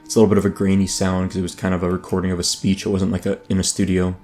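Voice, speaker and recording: A man's voice: low-pitched, monotone, racing. A man casually narrating while playing an online game, rambling with frequent ums and restarts. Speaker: gaming YouTuber. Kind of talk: casual let's play commentary. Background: soft background music.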